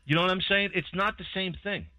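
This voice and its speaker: A man's voice: high-pitched, fairly quick, sharp tone, no room sound, rough recording. A man with a New York accent co-hosting a casual show, blunt and profane, stumbling over restarts. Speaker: co-host. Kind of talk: casual podcast banter.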